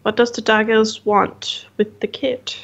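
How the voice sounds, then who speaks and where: A woman's voice: fairly high pitch, flat delivery, measured pace, fairly bright tone, lo-fi sound. A woman playing a tabletop game online, talking casually and thinking aloud with hesitations. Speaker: player.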